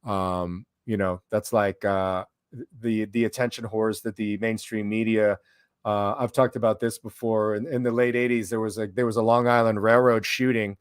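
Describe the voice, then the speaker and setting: A man's voice: fairly low pitch, level tone, moderate pace, clear, resonant tone, dry recording, studio quality. A man hosting a casual live stream, over-caffeinated, swearing constantly and rambling from one thought to the next. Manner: profane, rambling, jumpy. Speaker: livestream host.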